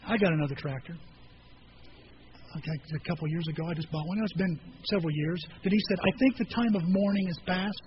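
Pastor preaching, high voice, conversational storytelling with emphatic peaks, dull lo-fi audio. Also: male voice, quick pace, a little hiss or hum. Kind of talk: sermon.

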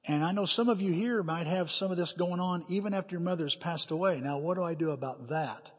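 A man's voice: high-pitched, quick pace, husky. A middle-aged man preaching a sermon as a pastor, telling personal stories with emphatic, dramatic quoted asides. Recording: hall reverb.

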